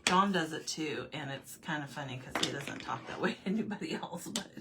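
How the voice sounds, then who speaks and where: A woman's voice: deep voice, animated, brisk, heavy background noise. A woman chatting casually with her livestream viewers while she paints at home, answering their comments and laughing often. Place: home room with desk.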